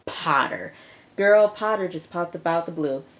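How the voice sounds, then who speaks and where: Woman TV-recap vlogger, lower voice, chatty and animated, lots of slang asides. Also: unhurried. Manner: lively retelling with slang and acted-out quotes. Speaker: TV review vlogger. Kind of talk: casual episode recap.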